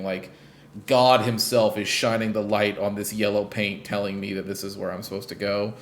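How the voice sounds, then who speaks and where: A man co-hosting a podcast in loose, casual chat. His voice sits on the low side, and he rambles along with plenty of fillers and the occasional swear word. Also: flat delivery, moderate pace, a little hiss or hum. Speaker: podcast co-host.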